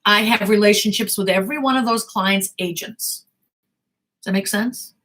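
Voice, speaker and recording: A woman's voice: mid-range voice, normal speed, a bit bright, slight background noise. An American woman, a talent manager and acting coach, giving blunt, emphatic advice to actors in a live Q&A talk.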